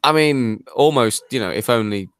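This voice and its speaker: A laid-back man co-hosting a casual podcast, jokey and quick to laugh, with casual swearing. His pitch is ordinary, mid-range. The recording is dry and close. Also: clean tone, no echo. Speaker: podcast co-host, Black Country editor.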